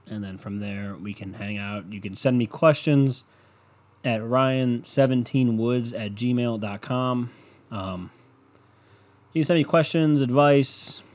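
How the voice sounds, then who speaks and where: A young man hosting a casual solo podcast, ranting with lots of swearing, mocking people and laughing at his own jokes. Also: mid-range voice. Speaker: podcast host.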